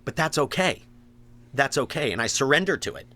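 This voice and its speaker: A man's voice: mid-range voice, expressive, brisk, pushed and bright. Male podcast co-host, mid-range voice, earnest and candid, drops into self-quotes. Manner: earnest, swears, acts out his own thoughts. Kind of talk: casual recovery talk.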